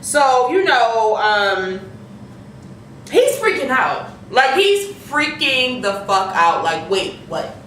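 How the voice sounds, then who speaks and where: Woman co-host, loud profane storyteller, heard from a distance in a very echoey room with faint noise. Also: fairly high pitch, sing-song, slow. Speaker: TV episode recapper. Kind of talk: casual recap chat.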